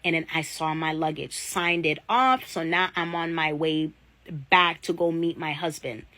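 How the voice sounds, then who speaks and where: Slow-talking woman telling a story to viewers. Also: deep voice, sharp tone, dry recording, low-quality recording. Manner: chatty retelling, often addressing viewers directly. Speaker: vlogger. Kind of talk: casual storytelling vlog.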